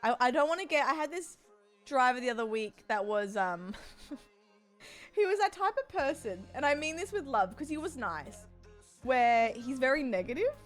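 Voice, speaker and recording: A woman's voice: animated, soft background music. A young Australian woman streamer chatting casually with her viewers in a bubbly, chatty way. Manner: bubbly and chatty, quick swings up in pitch.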